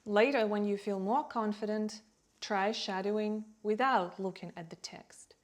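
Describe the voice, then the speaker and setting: Slow, deliberate woman teaching English. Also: mid-range voice, steady tone. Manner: deliberate, stresses key words for learners. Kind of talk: slow, clear teaching delivery.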